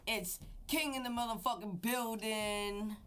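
A woman's voice: fairly high pitch, measured pace, fairly bright tone, slight background noise. A woman co-hosting a casual comedy podcast, hyping her partner by echoing his lines and asking him silly questions. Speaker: podcast co-host.

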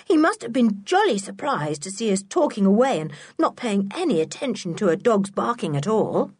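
A woman's voice: medium pitch, sing-song, moderate pace, darkish tone, slightly rough, no room sound, clean studio sound, pitched above the performer's own voice. A woman reading a storybook, voicing a spirited, outspoken tomboy girl.

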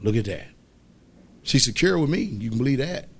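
A man preaching a sermon as pastor, rising to loud exhortation and dropping to soft asides. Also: mid-range voice, sing-song, moderate pace, a little hiss or hum. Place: church.

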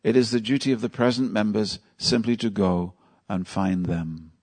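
Leading a devotional class at a temple, a man with a lowish, darkish voice talks at a moderate pace with fairly even intonation. He tells his stories in a chatty way and keeps asking his listeners questions.

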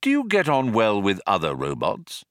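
A man's voice: lowish voice, wildly swooping pitch, moderate pace, fairly bright tone, no echo, clean studio sound. A man voicing a homesick, wistful human man in an audiobook, in an earnest, pleading tone.

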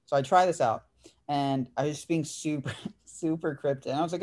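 A man's voice: a little high, fairly quick, darkish tone. A man in his twenties, hosting a podcast, telling a story in casual chat with lots of "dude" and "like". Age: 20s. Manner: laid-back storyteller, says "dude" and "like" often. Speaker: podcast host.

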